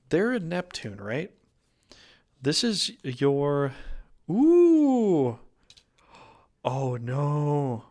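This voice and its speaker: Slow, gravelly man reading tarot. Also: mid-range voice. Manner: rambling, jokey, with wordplay and self-corrections. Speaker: tarot reader.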